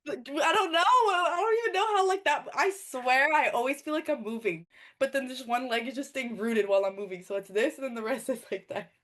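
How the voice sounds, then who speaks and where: A young woman, a former college wrestler turned coach, telling stories in casual conversation with lots of "like" and acted-out quotes. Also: sits high. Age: young adult. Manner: fast, filler-heavy, animated storytelling with quoted dialogue.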